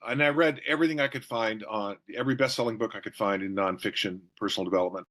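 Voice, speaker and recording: A middle-aged or older man, a guest author, telling stories in an interview with quick jokes and voices acted out for the people he quotes. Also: fairly low pitch. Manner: jokey, animated storyteller who acts out quotes. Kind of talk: storytelling interview answers.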